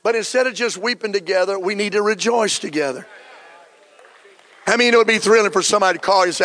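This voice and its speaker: A middle-aged man preaching a sermon as pastor, fervent and building to shouts. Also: high-pitched, fast talker. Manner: fervent, rising to shouts, acts out quotes.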